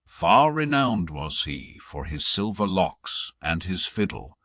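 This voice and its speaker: Deep, slow male audiobook narrator. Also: very animated, a bit bright, no echo, studio quality. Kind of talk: scripted poetry narration.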